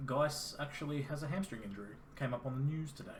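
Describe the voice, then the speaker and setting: A man's voice: mid-range voice, quick pace. A young Australian man with an Australian accent, co-hosting a casual fantasy football chat and chatting through his reasoning. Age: young adult. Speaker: podcast co-host. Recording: faint background noise.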